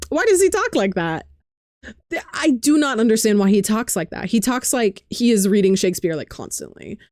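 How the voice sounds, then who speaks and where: A woman with a smooth, clear voice chats casually about games, rambling along with frequent "um"s and little laughs. The sound is dry and close, with no room echo. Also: mid-range voice, darkish tone. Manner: chatty, frequent "um" fillers, light laughing asides. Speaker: vlogger and streamer.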